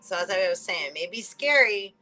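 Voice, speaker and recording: Bright-voiced chatty woman reading cards. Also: medium pitch, animated, soft background music, rough recording. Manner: chatty, laughs often between thoughts, swears casually; reads oracle card messages aloud slowly. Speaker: spiritual reader and channel host. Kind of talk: casual spiritual reading chat.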